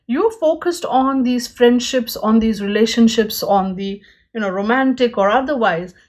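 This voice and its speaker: A woman's voice: on the high side, a little mellow. Earnest woman giving a tarot reading. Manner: earnest, speaking straight to viewers, lots of "you know". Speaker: tarot card reader. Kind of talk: pick-a-card tarot reading.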